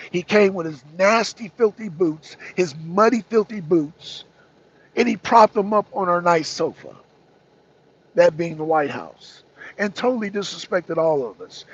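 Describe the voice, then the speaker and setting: A man rants through heated political commentary, hammering his points with repetition and mocking asides. His voice sits high and husky. The sound is dull and lo-fi. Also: fairly bright tone. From United States. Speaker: talk show co-host.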